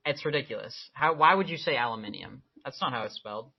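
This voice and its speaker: Young male co-host, mid-pitched, deadpan ribbing; dull lo-fi recording. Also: fast, vocal fry, slightly rough. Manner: dry, teasing banter. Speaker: podcast co-host. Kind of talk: casual chat. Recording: dull lo-fi sound.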